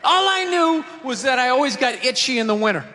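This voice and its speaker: A man doing a stand-up set on a theater stage, ranting in a loud, exasperated way into a handheld mic. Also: very high-pitched, very animated, fairly quick. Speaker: stand-up comedian. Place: theater stage before a live audience. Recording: live theater recording with audience noise and reverb.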